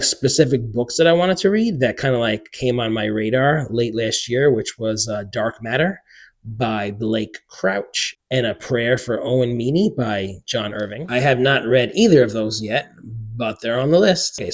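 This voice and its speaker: A man in his forties, a book vlogger, chatting casually to camera in an excitable way with many filler words. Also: medium pitch, moderate pace. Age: 40s.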